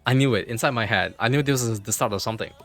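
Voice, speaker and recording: A man livestreaming from his computer, telling a story in an animated way, repeating himself and swearing freely. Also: medium pitch, fast talker, soft background music.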